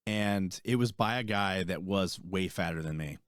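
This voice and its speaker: A young man, an army veteran and podcast co-host, telling a rambling, profane story in casual chat and getting animated as he retells it. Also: deep voice, normal speed, clear, resonant tone, no echo, clean studio sound.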